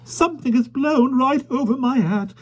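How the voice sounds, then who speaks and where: A man voicing a fussy, flustered older lady with a shrill, fluttery voice in a storybook reading. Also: normal speed, a little mellow, husky. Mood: alarmed.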